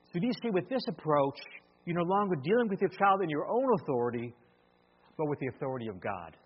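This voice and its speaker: A man's voice: on the high side, very animated, fast talker, breathy edge. A man preaching a sermon to a congregation, acting out the voices of parents and children as he goes. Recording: muffled recording in a large reverberant hall.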